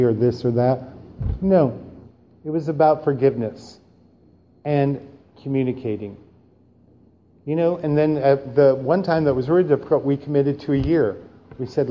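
Warm-voiced man telling a personal story. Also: mid-range voice, normal speed, long pauses. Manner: animated storyteller, acts out dialogue; turns quiet and subdued on serious parts. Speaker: speaker sharing at a recovery meeting. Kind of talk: personal recovery share.

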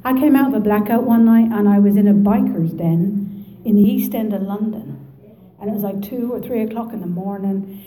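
A woman with an Irish Midlands accent telling her story at a recovery meeting, lively and joking. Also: medium pitch, moderate pace, reverberant, poor audio. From Ireland. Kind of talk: personal testimony to an audience.

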